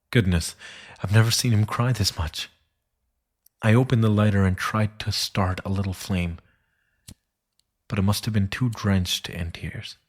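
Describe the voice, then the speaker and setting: A man with a very deep, husky voice narrates a thriller slowly and solemnly. His hushed delivery often sinks to a whisper, which keeps the telling tense and quiet. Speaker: story narrator.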